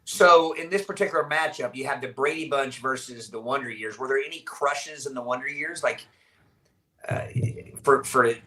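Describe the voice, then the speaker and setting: Bright-voiced man hosting a podcast. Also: mid-range voice, low-quality recording. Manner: rambling, halting, many restarts. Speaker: podcast host. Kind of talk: casual live podcast chat.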